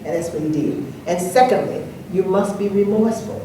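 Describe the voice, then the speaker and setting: An older woman speaking on an anniversary panel, an animated storyteller who acts out the dialogue in her anecdotes. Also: mid-range voice, fairly quick. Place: large echoey hall, live event. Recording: echoey hall, distant mic, faint noise.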